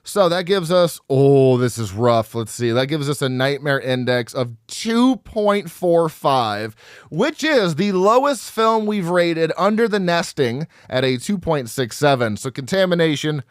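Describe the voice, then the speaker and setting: A podcast co-host talking casually about films, his voice lively and full of ups and downs. He laughs easily and reads reviews with relish. The sound is dry and close to the mic. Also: fairly high pitch, a little slow, clear, resonant tone, dry recording. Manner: animated, laughs often, reads reviews aloud. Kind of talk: casual chat.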